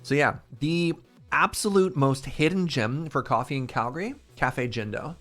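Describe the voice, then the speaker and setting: An animated man tells a rambling story in a casual stream chat. His voice sits at an ordinary middle pitch and jumps up whenever something excites him. Faint background music plays under him. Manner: animated, excitable storyteller, quick quoted asides.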